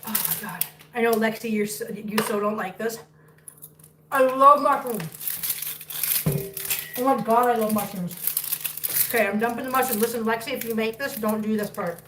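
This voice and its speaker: A woman's voice: fairly high pitch, moderate pace, long pauses. A woman hosting a live cooking stream in her home kitchen, chatting casually, laughing often and cooing baby talk at her cats. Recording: echoey room, mic at a distance, faint noise.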